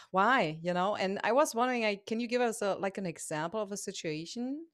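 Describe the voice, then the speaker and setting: A woman's voice: mid-range voice, expressive, a little fast, dry recording, clean studio sound. A woman hosting a podcast who asks her guest questions in a hesitant, thoughtful way, with many fillers. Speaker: podcast host. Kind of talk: casual podcast interview.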